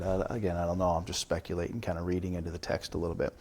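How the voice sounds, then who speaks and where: A man's voice: low voice, monotone, very fast, few pauses, a little mellow. A man preaching as pastor in a church, teaching from the Bible in a conversational way and often checking in with rhetorical questions. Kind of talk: Bible study sermon.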